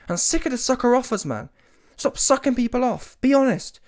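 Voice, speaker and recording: A man's voice: extremely high pitch, a little fast. A man giving a ranting reaction commentary on a boxing match, casual and slangy, emphatic and often mocking. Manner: animated, emphatic, rises to mocking shouts; casual street slang, swears.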